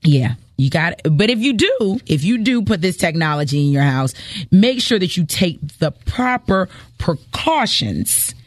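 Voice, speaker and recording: Animated woman radio host, lively voice. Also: on the low side, measured pace, dry recording, clean studio sound. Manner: animated, emphatic and exclaiming. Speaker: radio morning show host. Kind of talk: casual radio chat. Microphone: studio microphone.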